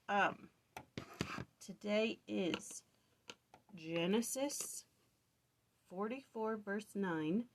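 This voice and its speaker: A woman's voice: medium pitch, background noise. A woman leading a casual early-morning scripture study, chatty and self-correcting as she retells the story. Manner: chatty, self-correcting, acts out quotes playfully.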